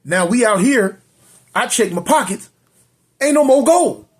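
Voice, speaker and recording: A man's voice: very high voice, expressive, a little slow, slightly rough, voice pushed up, heavily acted. A man voicing a skeptical young man who insists in a rambling way that something was fake. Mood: insistent.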